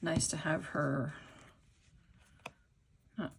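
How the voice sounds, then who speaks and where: A woman's voice: low voice, fairly even intonation, very slow, gravelly, slight background noise. A middle-aged woman with the hiccups, casually narrating her papercraft work, thinking aloud and often dropping to a whisper. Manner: chatty, thinking aloud while working; drops to soft whispers as she works. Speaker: papercraft video maker.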